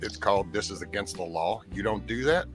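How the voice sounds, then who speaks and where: A man's voice: sits low, a little fast, soft background music. A man hosting a casual chat, talking bluntly with plenty of profanity.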